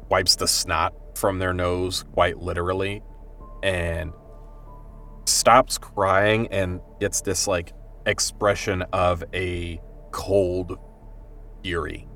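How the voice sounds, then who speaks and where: Brief: player in a tabletop game, very low voice, loose filler-heavy describing, a bit far off mic with music. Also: male voice, fairly bright tone. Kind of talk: tabletop role-play narration.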